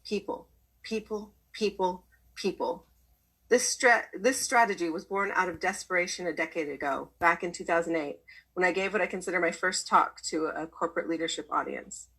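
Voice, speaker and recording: A woman reads a personal story aloud at a measured pace, slowing down to lean on key words. Her voice sits a little low and is husky, with a breathy grain. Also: bright, forceful tone, poor audio. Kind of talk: reading a memoir aloud.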